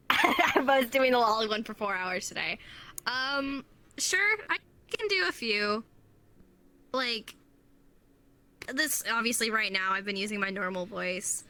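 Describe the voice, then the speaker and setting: A woman's voice: on the high side, expressive, slow pace, long pauses, pushed and bright. A woman chatting as an interview guest, laughing often, her voice strained from long use. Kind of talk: casual interview chat.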